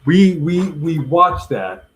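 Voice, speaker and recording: Animated man co-hosting a wrestling stream. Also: fairly high pitch, slow pace, a little hiss or hum, low-quality recording. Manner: animated, reads out viewers' greetings and weather. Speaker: co-host of a wrestling watch-along. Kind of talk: casual live-stream chat.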